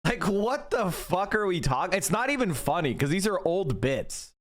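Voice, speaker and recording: A man's voice: sits high, very animated, moderate pace, fairly bright tone. A man giving casual commentary on a clip, sarcastic, incredulous and cursing. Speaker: streamer reacting to a clip.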